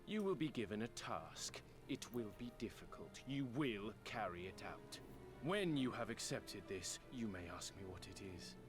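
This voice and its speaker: A contemptuous game warlord khan, low voice, commanding, over clear game music. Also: male voice, very animated, normal speed. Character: arrogant, menacing male tribal warlord khan.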